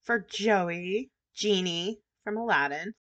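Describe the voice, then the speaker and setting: Woman, podcast co-host, bright tone, easygoing, hesitant starts. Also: mid-range voice, slow pace. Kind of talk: casual chat.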